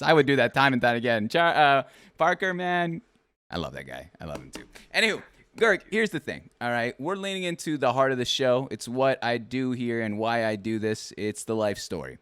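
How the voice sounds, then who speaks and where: A man hosting a casual talk show with a lively, swinging pitch. He rambles and restarts as he teases his guest. The sound is dry and close. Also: moderate pace, clear, resonant tone, no room sound. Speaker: podcast host. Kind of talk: casual chat.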